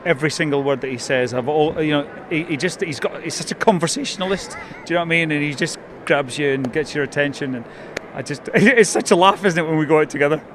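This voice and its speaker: A man talks in an eager, rambling way, often breaking into laughter. His voice sits a little high for a man. Faint outdoor event noise runs underneath. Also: fast, a bit bright. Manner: enthusiastic, laughs a lot, rambling. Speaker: radio presenter. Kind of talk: excited casual chat.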